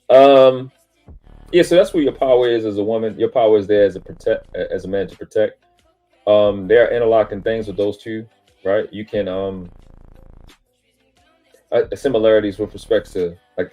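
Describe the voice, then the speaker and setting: A man with a very low, dark voice delivers an emphatic, preachy monologue on a live stream. He speaks, swears casually and boasts about himself. Faint music sits in the background. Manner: self-aggrandizing, spiritual teaching tone.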